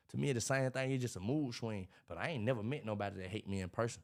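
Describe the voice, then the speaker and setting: A man, talking in a casual interview about his life, animated and preachy, acting out what others say. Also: mid-range voice, rapid-fire, hardly any pauses. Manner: animated, preachy storytelling with acted-out quotes. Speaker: podcast guest, motivational speaker.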